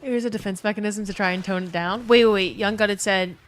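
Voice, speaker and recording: A woman's voice: medium pitch, steady tone, fast talker. A woman from New Orleans streaming a game, chatting casually with viewers, reading chat aloud and swearing freely into a desk mic. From New Orleans, USA.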